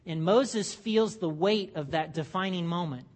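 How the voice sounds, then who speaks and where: A man's voice: high-pitched, a little slow. Conversational male pastor preaching. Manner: conversational, joking asides, frequent restarts. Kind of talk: sermon. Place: church.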